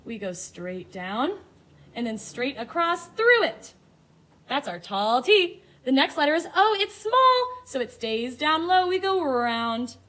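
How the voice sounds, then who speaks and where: A woman kindergarten teacher giving a phonics lesson to young children, in a slow, sing-song, exaggerated teacher voice. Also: high voice, very animated, bright, forceful tone. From Hawaii.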